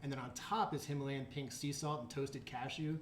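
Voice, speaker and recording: A man in an interview describes his craft in a loose, joking way, with fillers and restarts. His pitch sits in the middle. The room echoes and there is a faint hiss behind him. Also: steady tone, fairly quick. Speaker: chocolate maker. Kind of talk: casual interview.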